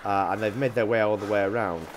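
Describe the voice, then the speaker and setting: Low-voiced man narrating gameplay. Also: fairly even intonation, fast, very noisy. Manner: rambling, hesitant, lots of ums and uhs. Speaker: gaming channel host. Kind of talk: casual gameplay commentary.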